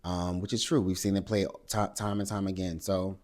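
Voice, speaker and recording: A man with a very low, deep voice recaps a reality show casually and at length. He keeps a loose, conversational flow, with fillers and side comments throughout. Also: moderate pace. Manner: animated, acts out cast members' lines in higher voices. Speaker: recap host.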